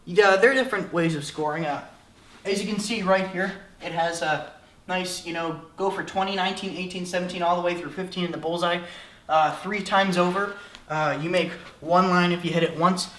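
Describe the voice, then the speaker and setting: Teen guy doing a goofy how-to, kinda high voice, rambly with lots of uh's, echoey room. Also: a bit bright. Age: late teens. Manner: rambling, self-mocking, full of filler. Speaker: vlogger. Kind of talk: comedic tutorial.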